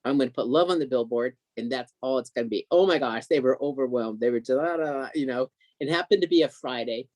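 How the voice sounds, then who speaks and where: A man telling an excited, emotional story as a guest on a video call, acting out what others said. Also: mid-range voice, quick pace, no echo. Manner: excited, emotional storyteller who acts out quotes.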